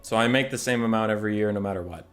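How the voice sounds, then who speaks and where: A man's voice: fairly low pitch, rapid-fire, faint music behind. A young man chatting casually while he streams a game, loose and joking, swearing freely.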